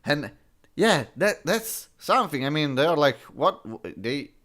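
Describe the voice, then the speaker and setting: Here a man reviews a comic with slow, sarcastic scorn, often restarting and leaning on fillers. His voice is a little high, fairly bright, and swings widely in pitch.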